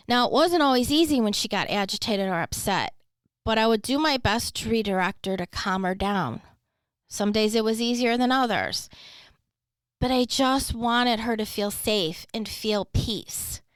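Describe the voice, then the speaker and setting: A woman's voice: mid-range voice, clean tone, no echo. A middle-aged woman hosting a podcast, telling her own caregiving story in an earnest, heartfelt way. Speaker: podcast host, former caregiver. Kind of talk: personal reflective talk.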